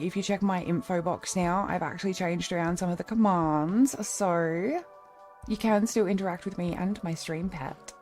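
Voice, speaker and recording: A woman's voice: lowish voice, darkish tone. A young woman streamer in a casual live-stream chat, rambling along and thanking her viewers by name.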